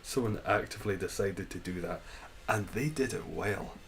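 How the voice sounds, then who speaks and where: Guy on a game stream, lowish voice, chatty, laughs a lot, talks back to chat. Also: normal speed, a bit bright, poor audio. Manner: chatty, reads and answers chat, laughs often. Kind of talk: casual live-stream chat.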